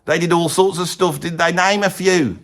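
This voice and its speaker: A rambling, opinionated middle-aged bloke with a thick Birmingham accent, as a man puts him on. He talks in a fairly high voice, sprinkles mild swearing into every sentence and keeps sinking into hushed, gossipy asides. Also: fairly even intonation, normal speed. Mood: rambling gossip. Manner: rambling, says "bloody" constantly, drops into hushed conspiratorial asides. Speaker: comic presenter. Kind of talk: comedic character monologue.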